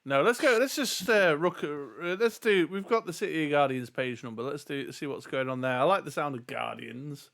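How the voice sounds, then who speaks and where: A man playing a gamebook on a live stream, chatty and excitable, reacting quickly. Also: on the high side, creaky. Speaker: player. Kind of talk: casual live-stream chat while playing.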